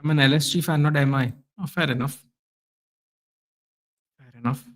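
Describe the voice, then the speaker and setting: Man, fairly high voice, casual slangy streamer, excitable match reactions. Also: normal speed. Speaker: streamer hosting a live match watchalong. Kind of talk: casual live football commentary and chat.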